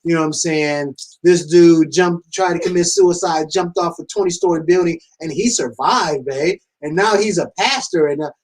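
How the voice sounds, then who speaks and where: A man co-hosting a podcast, joking and telling animated stories in casual talk with his wife. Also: a little high, moderate pace, hardly any pauses, poor audio. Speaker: podcast co-host. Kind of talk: casual chat.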